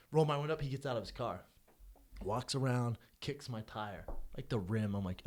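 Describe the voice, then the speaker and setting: A man's voice: mid-range voice, brisk. A man in his thirties co-hosting a podcast, telling stories in casual chat, swearing and acting out what people said. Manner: animated storyteller, acts out quotes, swears a lot. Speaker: podcast co-host.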